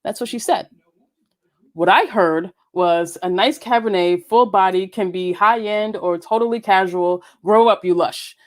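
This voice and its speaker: A woman hosts her podcast in a loose, playful way. Her pitch sits right in the middle for a woman, and laughter and casual swearing keep slipping into her talk. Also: unhurried. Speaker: podcast host. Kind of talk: casual solo podcast chat.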